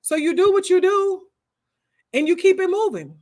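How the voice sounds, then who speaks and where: Answering viewer comments on her casual homeschooling show, this host talks straight to the camera, animated and full of asides. Her voice is very high, and she keeps a moderate pace.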